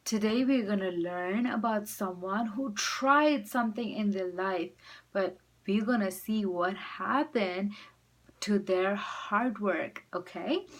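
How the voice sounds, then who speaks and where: A woman teacher reading a storybook aloud to children, expressive and speaking directly to them. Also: medium pitch, slow, poor audio.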